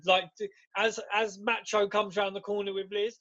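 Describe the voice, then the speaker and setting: High-voiced man laughing as he chats. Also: moderate pace, dull audio. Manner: laughs often, animated retelling, swears freely. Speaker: podcast co-host. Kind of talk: casual chat.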